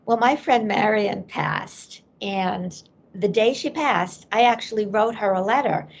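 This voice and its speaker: Gravelly-voiced woman telling a story. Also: mid-range voice, measured pace. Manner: animated storyteller who acts out quoted voices. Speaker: psychic medium guest. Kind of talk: storytelling in a podcast interview.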